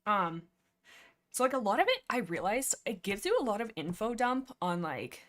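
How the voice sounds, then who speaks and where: A young woman chatting on a livestream in a loose, rambling ramble, her voice sitting at an ordinary middle pitch. She giggles easily, pokes fun at herself, and sounds a little nervous and out of breath as she talks. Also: big pitch swings, moderate pace, fairly bright tone. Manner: rambling, giggly, self-deprecating. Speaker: livestream host. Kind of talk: casual livestream chat.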